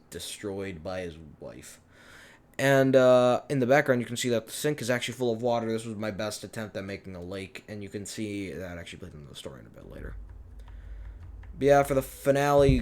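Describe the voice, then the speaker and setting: A man's voice: fairly low pitch, a little hiss or hum. A man giving a rambling, self-deprecating director's commentary on his own fan series, often unsure of himself.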